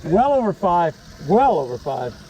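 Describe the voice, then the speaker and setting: A man's voice: high-pitched, sing-song, measured pace, warm tone, a little hiss or hum. A man working as a fishing guide, chatting and joking on a boat on a lake, often laughing and restarting his sentences. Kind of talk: casual fishing vlog chat.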